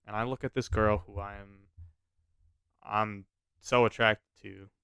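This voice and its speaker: A man telling a personal story in a casual, animated way, swearing freely and often restarting his sentences. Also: fairly low pitch, a little slow, creaky, clean tone, no room sound, studio quality.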